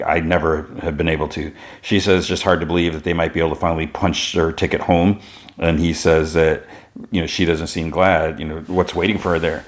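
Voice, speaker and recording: A man hosting a podcast, casually recapping a cartoon episode in a rambling way with many fillers and restarts. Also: low-pitched. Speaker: podcast host.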